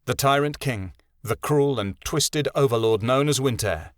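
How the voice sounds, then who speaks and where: A man reading a fantasy audiobook in a measured, dramatic narration. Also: mid-range voice, no room sound, studio quality.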